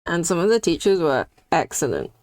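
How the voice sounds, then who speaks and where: A woman's voice: on the low side, very animated, brisk, a little mellow, no echo. Chatty young woman, dry close sound. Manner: chatty and candid, reacting to chat. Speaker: streaming artist. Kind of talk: casual chat while drawing on stream.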